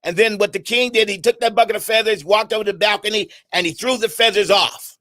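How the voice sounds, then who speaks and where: A middle-aged man giving an animated, preaching-style talk on an internet radio show, firing questions at his listeners and often repeating and restarting his words. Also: high-pitched, fairly quick, dry recording, studio quality. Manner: animated, conversational, asks the audience questions.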